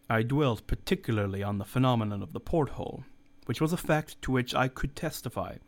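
A man reading a story aloud as narrator, steady and measured. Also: medium pitch. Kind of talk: audiobook reading.

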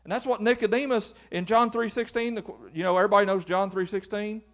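Male pastor, high voice, folksy sermon delivery in a church. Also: steady tone, quick pace, fairly bright tone. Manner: folksy, acts out quoted voices. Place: church sanctuary with congregation.

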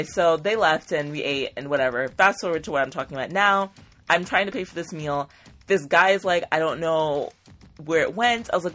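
A young woman telling a funny everyday story in a casual vlog, chatty and animated, full of "like" fillers and quick laughs. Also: lowish voice. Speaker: vlogger.

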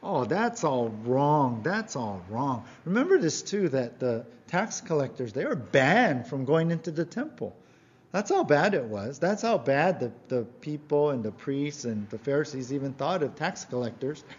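A man's voice: on the high side, very animated, moderate pace, husky, muffled recording. A man preaching a sermon as pastor, earnest and emphatic, often asking his listeners questions.

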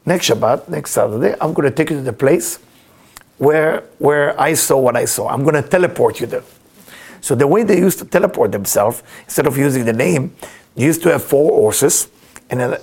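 Gravelly, husky male teacher, lively swooping delivery, chuckling storyteller. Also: mid-range voice. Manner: animated, chuckling storyteller with broken English. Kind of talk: storytelling spiritual lesson.

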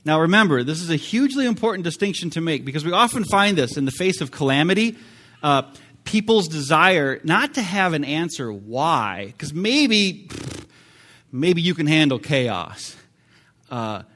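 Talking to his congregation in a conversational style, a male pastor delivers a sermon dotted with fillers and abrupt bursts of emphasis. His voice is fairly high in pitch and a bit bright.

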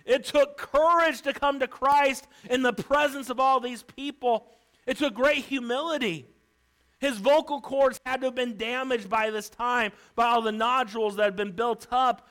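A man preaching a sermon as pastor, emphatic, swinging between loud declarations and hushed lines, acting out pleas. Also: very high-pitched, fairly even intonation, moderate pace, poor audio. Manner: acts out Bible characters' pleas.

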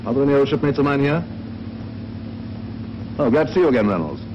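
An actor playing a brisk naval captain who addresses his crew in a commanding 1940s film style. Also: medium pitch, lively intonation, lightly acted. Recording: dull noisy old film soundtrack.

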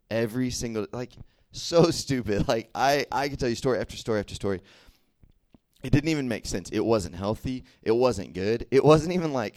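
A young Southern man with a mid-range, somewhat dark voice gives a casual sermon as a youth preacher, recorded dry. He keeps checking in with listeners, frequently asking "right?" and "okay?".

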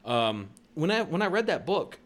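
Profane animated young man telling stories. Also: a little high, normal speed. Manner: profane, animated storyteller, shouts quoted lines. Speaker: podcast co-host. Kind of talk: casual chat, storytelling.

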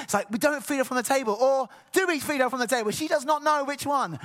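A middle-aged man preaching a sermon, telling personal stories with animated, acted-out dialogue. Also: very high voice, fast talker, hardly any pauses. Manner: animated storytelling, acts out voices.

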